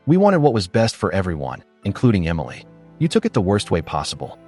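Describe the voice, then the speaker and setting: Casting: a man voicing a bitter stepmother, curt, low-pitched read, lively lilt. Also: quick pace, faint music behind, full character voice. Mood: defensive. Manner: curt, defensive. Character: resentful defensive woman, stepmother.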